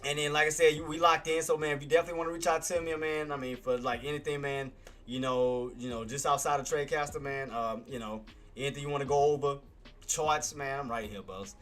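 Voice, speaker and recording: A man hosts a live day-trading stream in a steady, quick, fairly bright mid-range voice. His market talk is casual and slangy, relaxed in manner, and he keeps calling his audience "boss" and "man."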